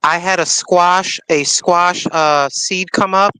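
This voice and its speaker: A woman's voice: on the low side, fairly even intonation, slow, bright, forceful tone, clean tone, no room sound, low-quality recording. A woman chatting casually on a livestream while she waters her garden, rambling and cooing to her cat. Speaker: livestream co-host.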